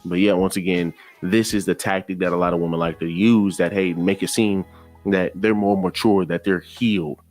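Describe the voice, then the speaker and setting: Very low-voiced man, exasperated reaction commentator, faint music under. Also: steady tone, moderate pace, a little mellow. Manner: exasperated, lecturing, repeats himself.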